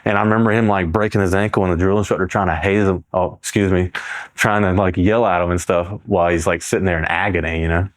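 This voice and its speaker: Male veteran, 40s, from South Carolina; low-ish, casual, rambling interview guest, lots of "like.". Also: flat delivery, fast talker. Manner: rambling, heavy on fillers like "like" and "bro". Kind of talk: casual storytelling.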